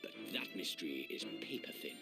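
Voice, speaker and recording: An actor playing a self-assured British consultant detective in a video game, with a theatrical, pompous delivery. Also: male voice, a little fast, natural voice. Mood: smug. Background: loud game music.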